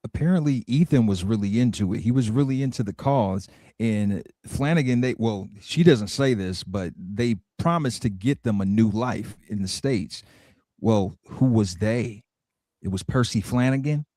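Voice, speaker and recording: A man co-hosting a podcast, summarizing plot points in a relaxed, brief way. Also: fairly low pitch, normal speed, no echo, clean studio sound. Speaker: podcast co-host. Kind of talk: casual recap chat.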